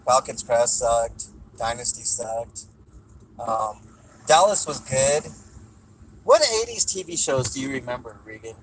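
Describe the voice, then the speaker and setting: A man's voice: medium pitch, animated, a little slow, long pauses, a little hiss or hum, poor audio. A man hosting a casual livestream, joking around and reading viewer comments aloud while chewing gum. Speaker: livestream host.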